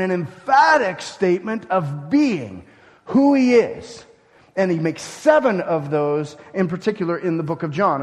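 A man delivers a sermon from the pulpit, his pitch sitting high for a man. He is emphatic, rising to loud declarations and dropping to hushed phrases. His voice carries a long reverb, as in a large church. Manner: emphatic, with wide swings between loud and hushed. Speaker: pastor.

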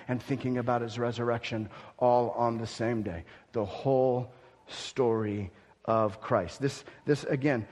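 A man's voice: mid-range voice, in a large hall. A male pastor preaching a sermon in a church, emphatic and prone to repeating key phrases. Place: church hall.

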